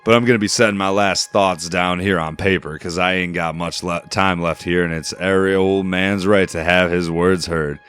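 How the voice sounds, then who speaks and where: A man reading a game journal aloud as a gruff old male pirate captain, in a rough folksy drawl with dropped grammar. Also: sits low, steady tone, normal speed, few pauses, fairly bright tone. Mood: gruff reminiscing.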